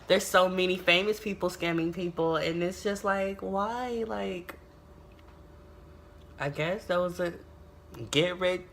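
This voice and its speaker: A young adult woman from the United States tells a storytime vlog in a casual, animated way, swearing often and exclaiming a lot. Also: on the low side, measured pace, creaky, slight background noise. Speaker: YouTuber.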